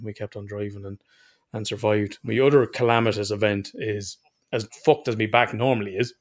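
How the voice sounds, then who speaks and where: An Irish man telling rambling stories in casual podcast chat and swearing freely. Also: fairly low pitch. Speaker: podcast co-host.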